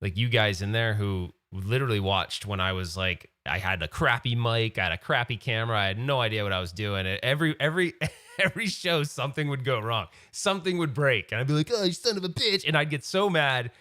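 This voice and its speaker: A man's voice: mid-range voice, lively intonation, fairly quick, bright, forceful tone, no echo, clean studio sound. A man hosting a live-stream podcast in casual chat, rambling and getting sidetracked. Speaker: podcast host.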